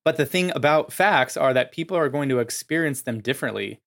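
A man's voice: mid-range voice, expressive, a little fast, gravelly, a bit bright. A man hosting a solo podcast, explaining ideas in a casual way with lots of filler words. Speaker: podcast host.

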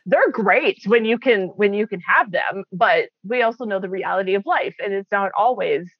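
A woman's voice: mid-range voice, expressive, normal speed, dry recording. A woman who founded a wellness program, talking earnestly and reflectively in a casual chat, with frequent fillers. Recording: slightly dull, lo-fi audio.

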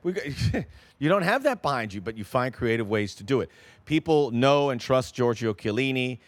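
A man's voice: medium pitch, animated, moderate pace, no echo. A man co-hosting a casual sports podcast, talking through a signing in a conversational way.

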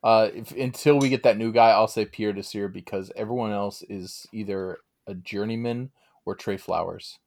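A man's voice: fairly low pitch, moderate pace, darkish tone. A man co-hosting a casual sports podcast, laid-back and joking. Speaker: podcast co-host.

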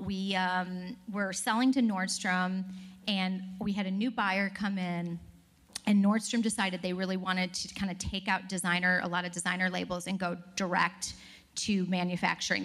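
A woman speaking on a stage before a live audience, telling animated stories and laughing as she talks to the crowd. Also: on the low side, normal speed.

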